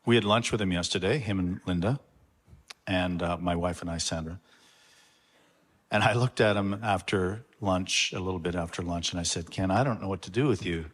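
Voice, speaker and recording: Low-voiced pastor introducing a guest. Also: male voice, a bit bright, breathy edge. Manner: halting, reflective. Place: church sanctuary. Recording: long church reverb.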